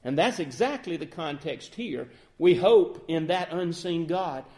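Male preacher, sermon delivery, higher-pitched voice, earnest with emphatic swells and quiet reflective stretches. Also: lively intonation. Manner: earnest, rising to emphatic peaks then quieting to soft reflection; quotes King James scripture in measured cadence.

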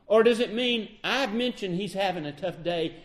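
A man preaching a sermon, acting out the quoted dialogue with lively emphasis. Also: sits high, normal speed.

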